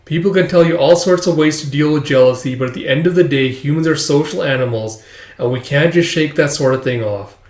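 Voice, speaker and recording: Man doing a calm, wise older teacher. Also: fairly high pitch, brisk, close to an everyday voice. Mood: advising. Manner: steady, advice-giving. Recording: echoey room.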